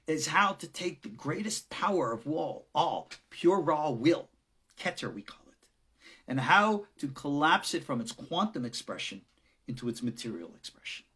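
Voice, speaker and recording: A middle-aged man, a rabbi giving a recorded lecture on Kabbalah, who swings from loud emphasis down to hushed whispers. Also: a little high, sing-song, moderate pace, husky.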